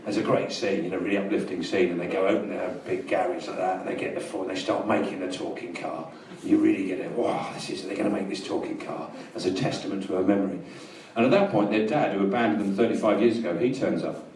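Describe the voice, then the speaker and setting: A man with a London accent doing a rambling stand-up routine in a small live venue, telling absurd stories in a dry, deadpan way. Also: sits low, fast talker. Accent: London English. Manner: rambling deadpan storytelling, bursts into loud rants. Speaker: stand-up comedian. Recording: roomy live recording from a distance, audience laughter. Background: audience laughter.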